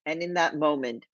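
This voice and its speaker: A woman's voice: low voice, a little mellow, dry recording. A woman from Mexico, an author, reads aloud from her memoir in a vivid storytelling manner and drops in Spanish phrases now and then. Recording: dull, lo-fi, dry.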